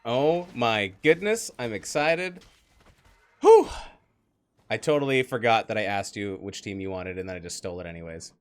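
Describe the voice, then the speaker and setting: A man casting a live online game match, jokey and animated, laughing often. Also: lowish voice, normal speed, smooth. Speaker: esports caster.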